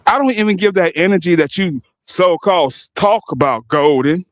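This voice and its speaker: A man's voice: high-pitched, animated, moderate pace, dry recording, rough recording. A young man delivering a heated, profane and mocking rant as a streamer. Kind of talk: heated ranting commentary.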